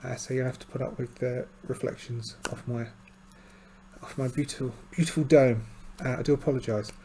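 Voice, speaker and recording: A man's voice: mid-range voice, fairly even intonation, brisk, background noise. A middle-aged man narrating his solo tabletop game in a rambling, self-deprecating, casual way. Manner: chatty, self-deprecating, meandering with restarts.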